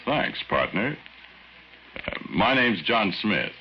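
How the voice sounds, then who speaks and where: A man narrating as a folksy, easygoing everyday fellow, telling his own story in a relaxed way with drawn-out asides, in 1940s radio acting style. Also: fairly low pitch, vocal fry, slight background noise, exaggerated voice. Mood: friendly. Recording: muffled old radio recording with music underneath.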